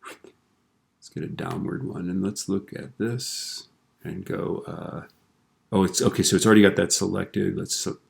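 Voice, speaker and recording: In no hurry, a man with a low, creaky voice teaches software via screen recording at his computer. Tag questions and corny jokes keep the relaxed lesson light.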